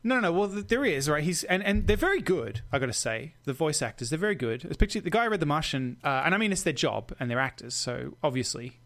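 A man with a fairly high speaking voice co-hosts a casual podcast chat. He talks in an animated rush, circling back and restarting his sentences as he goes. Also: fast talker, hardly any pauses. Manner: animated, many restarts and asides. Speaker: podcast co-host.

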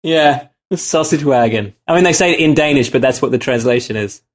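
A man's voice: medium pitch, a little fast, slight background noise. A man co-hosting a casual podcast, playful and laughing a lot as he guesses and tells stories. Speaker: podcast co-host and quiz contestant.

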